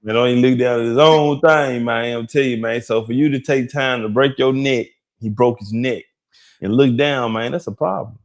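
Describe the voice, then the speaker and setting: A man's voice: medium pitch, moderate pace. Laid-back Detroit man gossiping. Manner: laid-back, drawling, laughs often. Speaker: gossip show co-host. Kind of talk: casual gossip chat.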